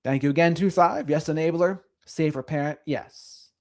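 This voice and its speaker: A man's voice: fairly high pitch, moderate pace. A middle-aged man hosting a casual livestream, chatting with viewers in a sing-songy way. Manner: sing-songy, lively delivery. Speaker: livestream host. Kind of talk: casual livestream chat reading comments.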